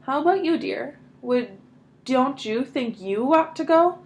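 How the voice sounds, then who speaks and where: A woman voicing a brisk, caring storybook mother. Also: high voice, lively intonation, a little mellow, voice pushed up. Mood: calm. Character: practical, caring mother of a poor family.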